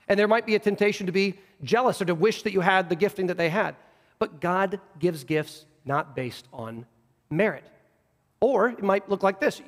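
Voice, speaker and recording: A man's voice: sits high, lively intonation, fairly quick, long reverb tail. A man preaching a sermon in earnest, acting out quoted voices, with frequent restarts. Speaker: pastor. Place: church sanctuary.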